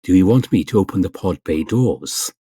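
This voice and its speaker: Calm, measured AI ship computer voice, low and dry, done by a man. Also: husky, no echo.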